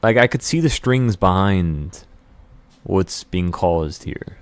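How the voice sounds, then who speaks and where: This trading-channel host speaks slowly in a low voice, yet his motivational monologue is intense, meandering and thick with excitement and repeated words. The recording is dry.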